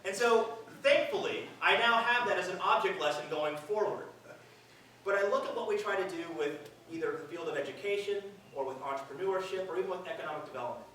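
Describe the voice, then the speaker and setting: A man's voice: high-pitched, brisk, bright, forceful tone, slight background noise. A middle-aged man giving a public speech at a live event, conversational and earnest with dry self-mocking humor. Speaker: event speaker. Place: large hall at a live event. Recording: very echoey hall, distant mic.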